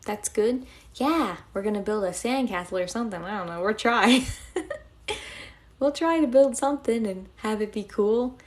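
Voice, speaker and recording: A woman's voice: mid-range voice, normal speed. A young woman live-streaming, chatting casually and giggling as she thanks her viewers.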